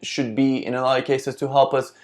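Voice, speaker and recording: A man with a mid-range voice speaks briskly and flatly as host of a casual self-help vlog. He's earnest and reflective, thinking aloud and often restarting his sentences.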